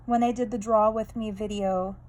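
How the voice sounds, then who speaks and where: Chatty woman, mellow voice. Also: medium pitch, fairly even intonation, normal speed, rough recording. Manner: rambling, chatty, candid, full of tangents. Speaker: art vlogger. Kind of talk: casual draw-along chat.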